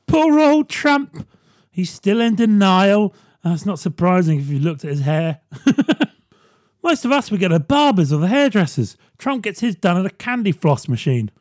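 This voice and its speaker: A man hosting a podcast, delivering a sardonic comedy monologue with quick asides to the listener. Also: high-pitched, big pitch swings, darkish tone, dry recording, studio quality. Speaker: podcast host. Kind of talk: stand-up style comedy monologue.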